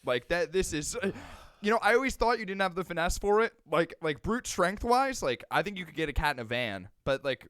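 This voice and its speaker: Lively, teasing young man with a high voice. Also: no echo, studio quality. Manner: quick teasing banter, laughs often. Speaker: podcast co-host. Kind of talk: casual comedic chat.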